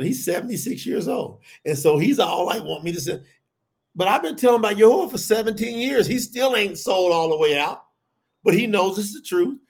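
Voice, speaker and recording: A man's voice: high-pitched, a little fast, gravelly, slightly rough. A middle-aged man preaching a sermon, talking animatedly and calling out to his listeners as y'all. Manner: animated, addresses the audience as y'all.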